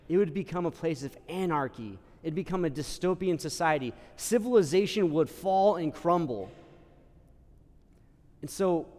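Casual priest in a reverberant church. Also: male voice, a little high, darkish tone. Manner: casual, conversational, many "like" fillers, acts out quoted lines. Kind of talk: sermon.

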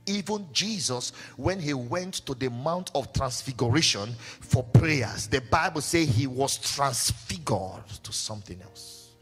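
A pastor preaching a sermon, animated and repetitive, acting out scenes as he tells a story. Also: medium pitch, a little slow, few pauses, husky, big-room sound, soft background music.

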